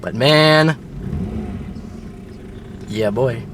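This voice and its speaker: A man's voice: mid-range voice, drawn-out words, a bit bright, a little hiss or hum. A man vlogging his car repair in a casual, wry way, grumbling a little as he talks to a handheld camera by his car and then inside it as he drives. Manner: chatty and wry, with mild grumbling. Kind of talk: casual self-filmed car vlog. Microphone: handheld camera mic.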